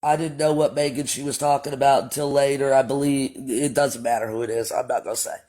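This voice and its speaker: A man hosting a livestream speaks quickly in a steady, dark-toned, mid-range voice. He tells a story in a casual, blunt and profane way, addressing his viewers straight on as "y'all."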